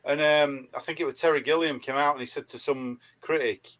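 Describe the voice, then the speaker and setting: A man in casual chat, hesitant and trailing off quietly. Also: on the high side, steady tone, brisk.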